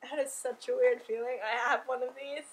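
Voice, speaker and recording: Excitable high-voiced woman vlogging. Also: a little fast, rough recording. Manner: excitable, gushing, swears casually. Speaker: YouTuber. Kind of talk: casual vlog unboxing. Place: at home indoors.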